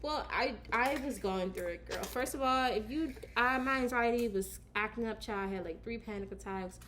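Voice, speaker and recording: A woman vlogger chatting casually to her camera at home, telling a story with slang and quick asides. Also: fairly high pitch, a bit bright, slight background noise. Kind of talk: casual story time chat.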